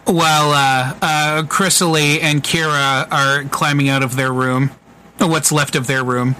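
A man's voice: fairly high pitch, fairly even intonation, unhurried, bright, forceful tone, a little hiss or hum, poor audio. A man narrating as game master of a tabletop game, loose and full of fillers. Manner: loose, filler-heavy descriptions with profanity.

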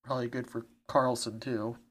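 A man's voice: medium pitch, flat delivery, moderate pace, a bit bright. A man co-hosting a casual podcast, rambling about baseball in a laid-back way. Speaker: podcast co-host.

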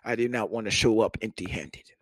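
A man putting on an exaggeratedly deep, formal and polite voice as a young suitor trying to impress. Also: fairly quick, no room sound. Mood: stiffly polite. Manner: stiff, exaggeratedly proper and courteous.

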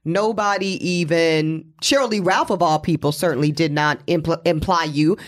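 A man co-hosting a podcast, talking through celebrity news in casual chat, animated and quick with asides and laughter. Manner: animated, pitch jumping high for emphasis, quick asides and laughs. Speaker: podcast co-host. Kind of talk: casual pop-culture chat.

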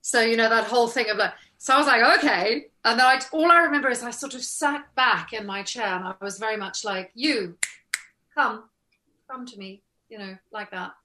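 A middle-aged actress telling stories in a casual interview, animated and laughing often, acting out the lines she remembers. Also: fairly high pitch, quick pace, hardly any pauses, a little hiss or hum.

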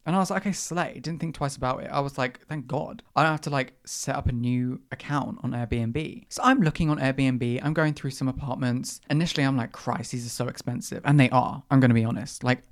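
A podcast host telling a story in casual, animated chat full of slang and dramatic asides. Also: medium pitch, brisk, hardly any pauses.

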